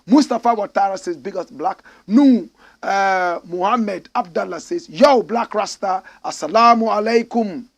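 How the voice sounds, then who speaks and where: A man's voice: high-pitched, moderate pace. A middle-aged Ghanaian man hosting a show, reading out viewer comments with impassioned, swinging delivery. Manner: impassioned, swings between loud declarations and sighing asides.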